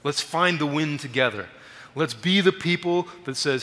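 A man preaching as a guest missionary in a church, telling stories in an animated way and raising his voice for emphasis. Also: on the high side, moderate pace, long reverb tail. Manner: animated storytelling, raises voice for emphasis. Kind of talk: sermon. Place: church sanctuary.

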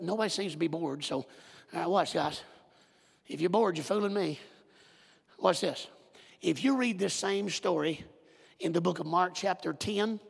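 A man preaching a sermon, telling a Bible story with animated direct address to his congregation in a church. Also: high voice, gravelly, breathy edge, in a large hall.

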